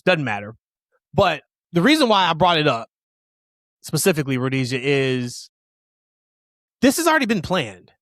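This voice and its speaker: A man co-hosting a casual wrestling podcast, opinionated and emphatic, rushing through tangents. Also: on the high side, fairly bright tone, no room sound, clean studio sound. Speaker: podcast co-host.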